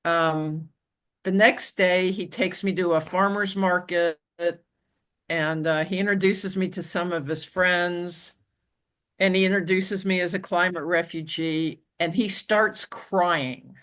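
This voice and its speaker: A woman telling her own story as an interview guest, in a halting way with frequent restarts and "you know". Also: lowish voice, fairly even intonation, a bit bright. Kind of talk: conversational personal storytelling.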